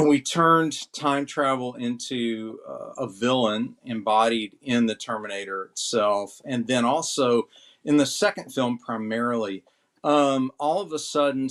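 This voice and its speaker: Easygoing man co-hosting a chat. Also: mid-range voice. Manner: easygoing, jokey. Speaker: co-host. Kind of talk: casual panel chat.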